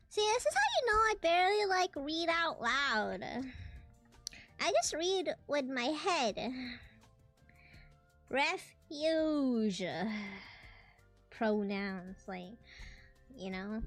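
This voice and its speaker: A woman's voice: high-pitched, a bit bright. A young woman streaming a game, chatting casually, giggling and tripping over words as she laughs at herself. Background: faint game music.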